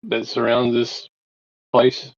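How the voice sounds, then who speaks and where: A man's voice: medium pitch, monotone, takes it slowly, gravelly, dry recording. Man playing a tired polite guy, hesitant, dry muffled audio.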